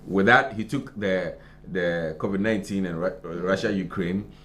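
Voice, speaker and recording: A man's voice: deep voice, a little slow, a bit bright. A Ghanaian man co-hosting a morning show, reading headlines aloud and then commenting on them in casual chat. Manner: conversational, reads headlines then adds loose comment. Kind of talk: casual news review chat. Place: broadcast studio.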